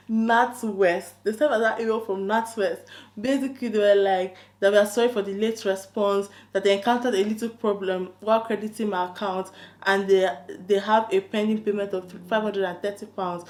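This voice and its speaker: A woman YouTuber telling a story in casual vlog chat, animated and incredulous, with bursts of emphasis. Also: mid-range voice, brisk.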